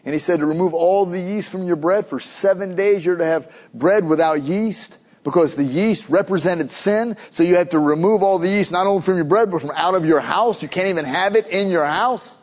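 A pastor preaching a sermon, emphatic, building to urgent questions. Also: male voice, sits high, normal speed, few pauses, lo-fi sound.

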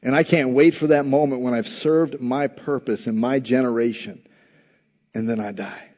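A man preaching a sermon, swinging between quiet, slow passages and loud, rising exhortation. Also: medium pitch, fairly even intonation. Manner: preaching with big swells from soft to loud. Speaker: pastor. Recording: muffled hall recording with long reverb.

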